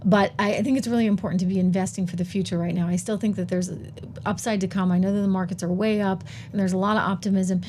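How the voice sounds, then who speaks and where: A middle-aged woman hosts a live-streamed commentary show in a voice of ordinary middle pitch. She talks emphatically and with animation, firing off rhetorical questions. She throws in quick, self-mocking asides along the way. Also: fairly even intonation, dark tone, a little hiss or hum. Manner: laughs at herself while typing on air. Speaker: host of a live political and investing show.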